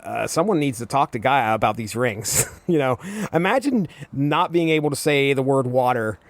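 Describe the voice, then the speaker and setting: A man's voice: medium pitch, animated, normal speed, no room sound. A man hosting a comics podcast, giving casual commentary with wry, rambling, amused asides. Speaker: podcast host.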